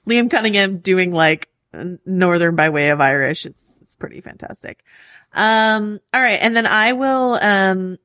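A woman's voice: mid-range voice, animated, unhurried, fairly bright tone, dry recording. A woman co-hosting a casual TV podcast, chatty and upbeat, laughing often between points. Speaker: podcast co-host. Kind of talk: casual pop-culture podcast chat.

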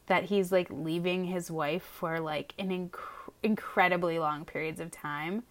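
Filler-heavy, hedging woman in casual chat. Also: on the low side. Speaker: podcast co-host reviewing a TV show.

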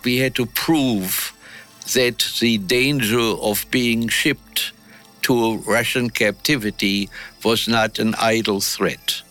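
An older man from Germany, interviewed about his past, speaking in a measured way with pauses. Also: mid-range voice, steady tone, bright, forceful tone, faint music behind. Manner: measured, pausing with "uh". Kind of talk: recalled wartime testimony.

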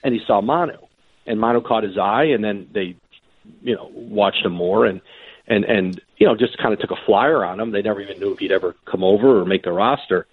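Male sports reporter guest, husky, storytelling on a tinny phone line. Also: fairly low pitch, brisk, dry recording. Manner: animated anecdotes with quoted voices and frequent restarts. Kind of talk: conversational storytelling.

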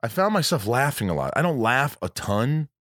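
A man's voice: mid-range voice, very animated, normal speed, a bit bright, dry recording, clean studio sound. An American man hosting a podcast from a room at his home, talking casually and rambling with lots of fillers and restarts. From United States. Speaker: podcast host.

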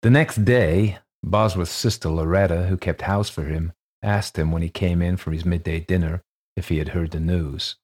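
Deep husky-voiced male story narrator. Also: steady tone, normal speed, darkish tone. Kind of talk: audiobook reading of a ghost story.

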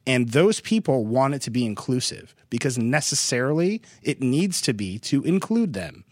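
A man's voice: mid-range voice, sing-song, normal speed, no echo. Blunt, heated man on a dry podcast mic. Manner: blunt, heated and emphatic, talks in declarative bursts. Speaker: podcast host and media editor. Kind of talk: casual podcast discussion.

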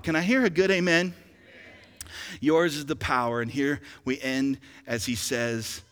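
Fervent pastor preaching in a reverberant church. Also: male voice, on the high side, normal speed, fairly bright tone. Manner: preaching with rising emphasis and rhetorical questions. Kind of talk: sermon. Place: church sanctuary.

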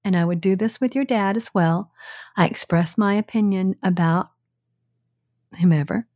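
An older woman co-hosting a podcast with her son, speaking in a calm, measured, reassuring way in a casual chat. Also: mid-range voice, no room sound, studio quality. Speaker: podcast co-host, the host's mother.

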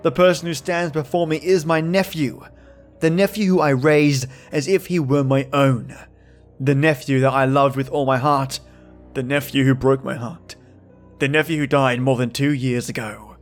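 A man narrating a first-person horror story from a script, measured and tense. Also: mid-range voice, fairly even intonation, faint music behind.

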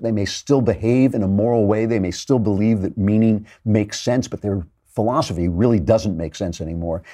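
A middle-aged man hosting a commentary show, talking through literature with theatrical, animated delivery and dramatic readings of verse. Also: on the low side, breathy edge. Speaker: podcast host.

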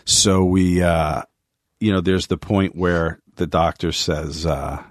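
A man with a fairly low voice running a casual podcast chat, reading questions aloud and spinning wry anecdotes. The sound is dry and close-miked. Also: fairly even intonation, slow, no room sound. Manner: reads listener questions, jokey anecdotes. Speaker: podcast co-host.

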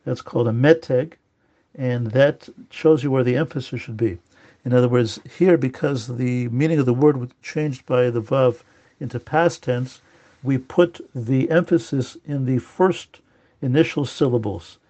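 A man teaching an informal lesson, pausing often with fillers and restarting his sentences. His voice is mellow and his tone relaxed, and the recording sounds dull and slightly muffled. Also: medium pitch. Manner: halting, frequent fillers and restarts; repeats key words to stress them. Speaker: teacher of prayer Hebrew pronunciation.

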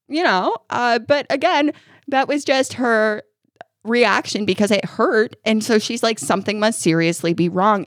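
A woman's voice: a little high, dry recording, clean studio sound. A woman co-hosting a podcast, chatting casually, laughing often and telling stories with animation. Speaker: podcast co-host. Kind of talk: casual chat.

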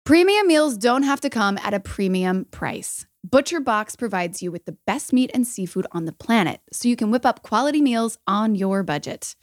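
A woman's voice: on the high side, lively intonation, normal speed, few pauses, no echo, clean studio sound. A woman co-hosting a podcast, chatting casually and reading an ad in an upbeat, bubbly manner. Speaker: podcast co-host. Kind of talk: casual chat and host-read ad.

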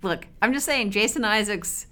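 A woman co-hosting a podcast in casual banter, enthusiastic and animated, laughing easily. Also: mid-range voice, normal speed. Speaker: podcast co-host.

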